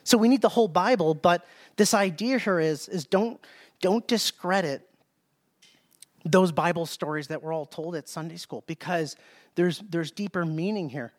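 A man with a high voice delivers a sermon. He is emphatic, repeats key phrases and reads scripture passages aloud. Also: moderate pace. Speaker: preacher.

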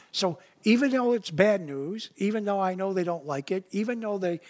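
High-voiced man preaching conversationally. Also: expressive, normal speed, hardly any pauses, a little mellow. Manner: conversational preaching with frequent "right?" and "you know". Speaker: pastor. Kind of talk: sermon.

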